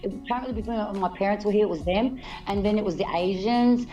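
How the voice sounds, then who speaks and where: A woman's voice: medium pitch, quick pace, mellow, poor audio. Rambling woman, casual chat. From Australia. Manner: rambling, restarts, frequent laughs.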